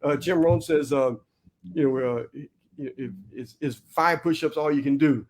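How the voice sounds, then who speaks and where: Male guest, blunt and preachy, slightly high voice. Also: moderate pace, a little mellow. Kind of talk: motivational casual talk.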